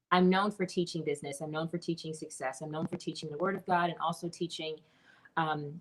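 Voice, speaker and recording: A woman in her forties speaks in a lowish voice, animated and expressive as she tells her story. She talks as a guest over a video call. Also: poor audio. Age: 40s. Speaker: guest, business mentor. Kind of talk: interview conversation.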